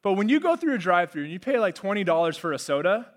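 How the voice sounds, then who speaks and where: A man preaching a lively, joking sermon to a congregation in a church. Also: sits high, fast. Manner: energetic, joking, conversational. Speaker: pastor. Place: church sanctuary with live congregation.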